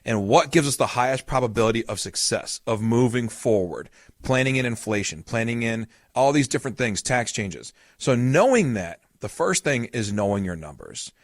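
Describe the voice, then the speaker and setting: A man's voice: medium pitch, animated, moderate pace, dry recording, clean studio sound. A man hosting a podcast as a retirement coach, explaining in a casual, storytelling way with everyday examples.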